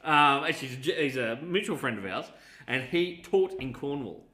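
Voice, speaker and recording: A man's voice: medium pitch, lively intonation, moderate pace, bright, forceful tone. A man with an Australian accent co-hosting a casual podcast chat, swearing freely and telling stories in put-on voices. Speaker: podcast co-host. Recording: echoey room.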